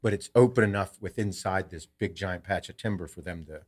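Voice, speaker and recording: A man with a slightly low voice tells a story to his podcast co-host. He talks casually and with animation, and he swears constantly. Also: fairly quick.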